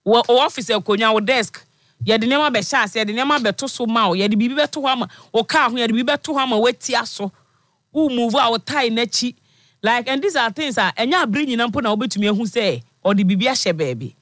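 High-voiced Ghanaian man hosting a live stream. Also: expressive, fast, fairly bright tone, no room sound. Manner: encouraging, mixes English, pidgin and Twi. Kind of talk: casual interview on a live stream.

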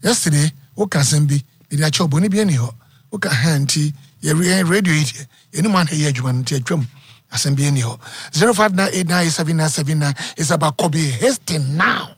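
Ghanaian guy hosting sports radio, kinda high voice, dry close mic, super energetic. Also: a little fast, husky, dry recording. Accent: Ghanaian English. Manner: energetic, repeats phone number, chatty. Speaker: radio sports show host. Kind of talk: live call-in radio banter.

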